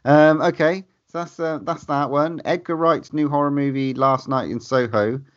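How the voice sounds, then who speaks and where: A man's voice: a little high, steady tone, normal speed, highs cut off. A man around forty co-hosting a casual podcast, swearing freely and gushing about horror film news. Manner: swears freely, laughs often, enthusiastic. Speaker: podcast co-host.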